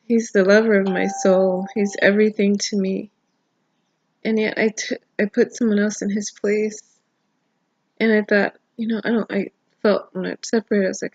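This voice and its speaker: A woman's voice: medium pitch, flat delivery, normal speed, no room sound, dull audio. A middle-aged woman sharing an emotional, prayerful personal testimony in a video diary, tearful and rambling at times. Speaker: vlogger. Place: home. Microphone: phone camera.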